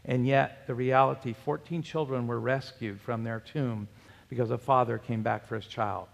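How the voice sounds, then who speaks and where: Brief: male pastor, gravelly voice, sermon delivery with rhetorical questions, long church reverb. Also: mid-range voice, steady tone, normal speed. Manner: preaching with rhetorical questions and scripture references.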